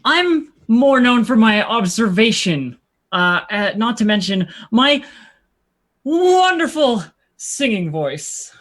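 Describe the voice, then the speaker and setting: A woman's voice: a little high, sing-song, slow, a bit bright, full character voice. A woman playing a sardonic female court jester in a tabletop game, dry and sarcastic.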